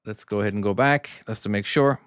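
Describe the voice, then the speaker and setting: A middle-aged man with a softened Irish accent, chatting to his live-stream audience while playing his own trucking game. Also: lowish voice, fast talker, clean tone, no echo, studio quality. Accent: Irish, softened by years in the US. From Ireland. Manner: rambling and chatty, talking to chat while driving.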